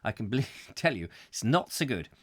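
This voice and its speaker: A man's voice: medium pitch, sing-song, normal speed. A man hosting a comic live call-in show, rambling and joking as he reads out viewer comments. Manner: rambling, jokey, reads viewer comments aloud in funny voices. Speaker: host.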